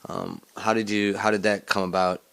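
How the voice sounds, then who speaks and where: A man conducting an interview, asking questions in a measured, even way. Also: lowish voice, clean tone.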